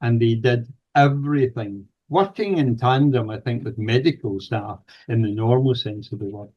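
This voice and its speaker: An older Scottish man tells a long personal story as an interview guest, pausing on fillers and starting phrases over. His voice sits at an ordinary mid pitch for a man. The audio is slightly dull and lo-fi. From Scotland. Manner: hesitant fillers and restarts while recounting dialogue. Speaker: guest, paranormal researcher. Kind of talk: anecdotal storytelling in conversation.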